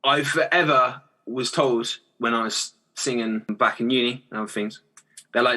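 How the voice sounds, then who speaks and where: Young guy chatting on a podcast, bright and a bit husky, lots of laughing and restarting. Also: medium pitch, moderate pace. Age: young adult. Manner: chatty, rambling, laughs often, many restarts and fillers. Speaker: guest singer-songwriter. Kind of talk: casual podcast chat.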